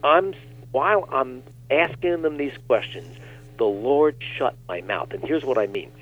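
A man, a guest minister, telling animated stories on a talk show and acting out the quotes. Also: mid-range voice, unhurried. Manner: animated storyteller, acts out quotes. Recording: tinny phone line.

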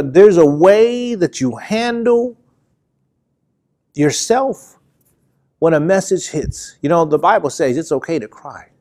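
Male preacher with a somewhat high voice, hammering points home by repeating them. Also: a little mellow. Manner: emphatic, repetitive preaching cadence. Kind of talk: sermon.

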